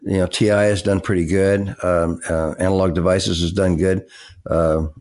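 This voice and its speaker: An older man with a very deep voice answers interview questions. He speaks haltingly, restarting phrases and filling pauses. He sounds like a seasoned business guest explaining strategy. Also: level tone, a little mellow. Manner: halting, many restarts and fillers. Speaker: guest, tech executive and author.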